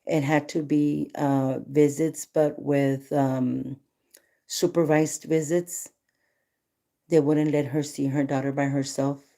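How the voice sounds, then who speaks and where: A woman talks to her livestream viewers in a casual, storytelling way, voicing each person in the conversation as she goes. Her voice sits low and sounds mellow and relaxed. She slips a few Spanish phrases into her English. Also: slow pace, creaky. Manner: animated retelling, voicing both sides of dialogue. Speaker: livestream host.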